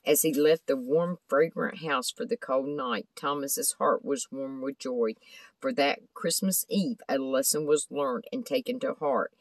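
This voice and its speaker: A woman's voice: extremely low pitch, measured pace, dry recording, low-quality recording. Woman reading a storybook aloud. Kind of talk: scripted narration of a children's book.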